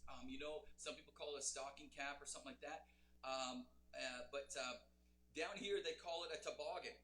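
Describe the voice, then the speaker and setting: A man's voice: medium pitch, steady tone, normal speed, bright, forceful tone, reverberant. A man from Canada hosting a live music show, chatting casually and rambling with many ums. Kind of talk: casual live-stream chat.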